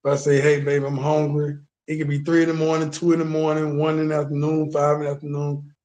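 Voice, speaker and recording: A man from the United States with a deep voice, talking casually and emphatically to his viewers, often repeating words and asking if they understand. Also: monotone, fast, a little mellow. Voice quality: deep, bassy voice. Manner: emphatic, repeats words, stops for "you understand what I'm saying". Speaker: vlogger.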